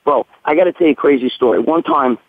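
Male storyteller, high-pitched, swears constantly, rambling; tinny dry phone audio. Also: quick pace, no room sound. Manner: profane, rambling, animated. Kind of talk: crude casual storytelling.

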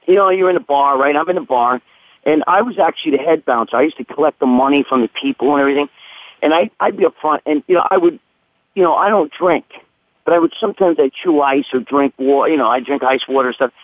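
A man's voice: a little high, fast talker, dry recording. A man telling a crude story in a casual, profane, rambling way. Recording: tinny phone line, dry.

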